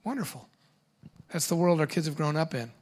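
A middle-aged man giving a humorous seminar talk to parents, animated and quick with joking asides. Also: on the high side.

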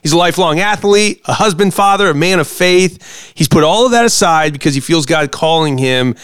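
A man's voice: on the high side, brisk, a bit bright, clean tone, no room sound, studio quality. A man hosting an interview, introducing his guest and asking questions in an upbeat, chatty way. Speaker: podcast host.

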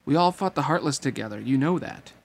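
A man's voice: mid-range voice, expressive, a little fast, creaky. Man reading as Sora, an earnest young hero. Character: earnest young male hero with a key-shaped sword. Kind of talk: amateur audiobook reading.

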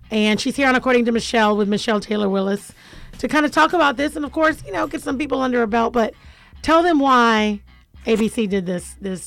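A woman's voice: mid-range voice, a bit bright. A woman hosting a radio talk show, chatting casually in a bubbly, joking way and laughing often.

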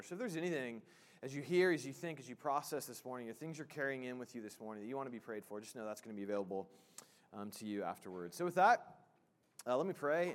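A man preaching a sermon as pastor in a church, casual and joking, with many fillers and restarts. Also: medium pitch. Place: church sanctuary.

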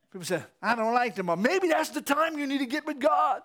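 A man preaching a sermon. He laughs often and swings from low storytelling to loud shouting exhortation. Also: animated, brisk, few pauses.

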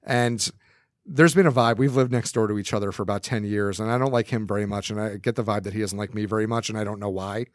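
A man telling an animated story in casual podcast chat, laughing often and swearing when he gets riled. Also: on the low side, fast talker, no room sound, clean studio sound. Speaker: podcast regular.

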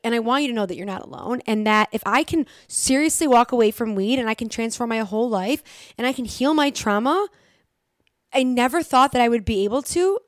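Young woman talking straight to camera, blunt and sweary, kinda high voice, dry close sound. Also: no echo. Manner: blunt, frequent swearing, repeats phrases. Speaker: recovery vlogger. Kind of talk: direct-to-camera motivational talk.

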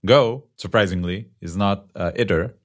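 A man's voice: low voice, normal speed. A man co-hosting a casual tech podcast, talking in a conversational, opinionated way and laughing easily. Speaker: podcast co-host.

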